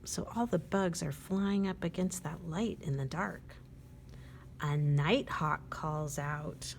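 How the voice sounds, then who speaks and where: A woman at a library storytime, reading a picture book aloud to children, gently asking them questions and dropping to a whisper at quiet moments. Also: sits low, slight background noise. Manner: slow and gentle, pausing to ask young listeners questions.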